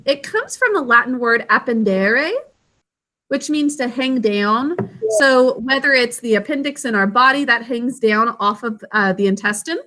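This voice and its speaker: A woman teaching a literacy lesson to young children, patient and encouraging, drawing words out slowly to sound out each syllable. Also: a little high, pushed and bright. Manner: encouraging, praises students by name. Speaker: elementary school teacher.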